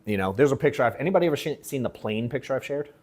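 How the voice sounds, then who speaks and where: Man, sales coach, casual storytelling to a workshop audience, slangy and profane, animated quotes. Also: mid-range voice, very fast. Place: event room at an in-person workshop.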